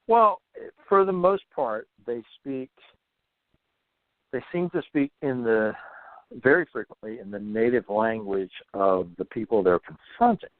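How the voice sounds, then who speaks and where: A man with a mid-range voice speaks unhurriedly as a guest author on paranormal folklore in a casual podcast interview. He's thoughtful but often stumbles and repeats words. The audio is dry and phone-like, with no room sound.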